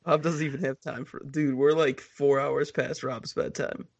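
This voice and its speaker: A man co-hosting a casual podcast, recounting events in a relaxed, rambling way. His voice sits a little high for a man. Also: normal speed, creaky, muffled recording. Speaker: podcast co-host. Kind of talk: casual chat.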